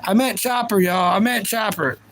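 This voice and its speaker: A man's voice: high-pitched, normal speed, fairly bright tone, a little hiss or hum, low-quality recording. A young man hosting a livestream, chatting casually and playfully about anime and reacting to his viewers. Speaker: livestream host.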